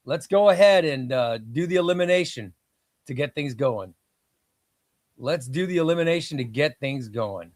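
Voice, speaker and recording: Slightly high and a bit bright, with no echo, this man's voice leads a casual comic book livestream. He banters with viewers, calls out the names eliminated from a giveaway wheel, and exclaims at each one.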